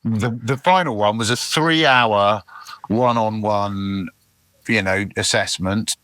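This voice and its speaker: Middle-aged comic guest, bright punchy voice, dry close sound, chatty anecdotal delivery full of restarts. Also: male voice, lowish voice, slow, no echo. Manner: animated, rambling, many restarts and acted asides. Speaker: podcast guest, comedian. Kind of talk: casual chat, anecdotal storytelling.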